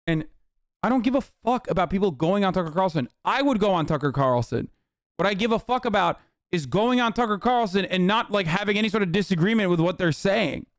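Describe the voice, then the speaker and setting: A man's voice: high voice, animated, fairly quick, no echo, clean studio sound. Profane man ranting on stream. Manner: profane, heated ranting at chat. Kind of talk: casual reaction stream commentary.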